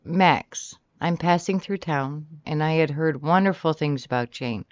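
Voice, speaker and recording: A storybook reader voicing a towering demon man in human form who speaks coldly and deliberately, in a slightly dull, dry recording. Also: mid-range voice, no echo, lightly acted. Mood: cool. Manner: cold, curt, slow and deliberate.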